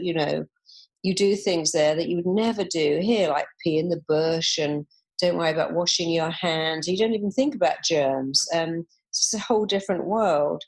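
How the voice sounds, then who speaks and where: A woman, a therapist guest in an interview, telling stories and acting out the voices of people she quotes. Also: lowish voice. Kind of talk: conversational interview.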